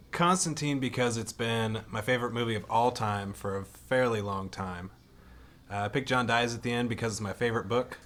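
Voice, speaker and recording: A man's voice: medium pitch, fairly bright tone. A man on a casual film podcast, talking earnestly and enthusiastically with slangy phrasing. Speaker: podcast co-host. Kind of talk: casual chat.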